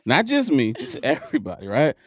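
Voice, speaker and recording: Expressive man with swooping pitch. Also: dry recording, studio quality. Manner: quick, expressive, laughing cusser. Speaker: podcast guest. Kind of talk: casual chat.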